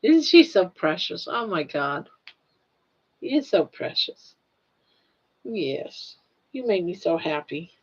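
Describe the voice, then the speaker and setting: A woman's voice: lowish voice, big pitch swings, slow, pauses often, breathy edge, dull audio. An older woman hosting a casual live stream, chatting with viewers and cooing at her pet in baby talk with lots of giggles.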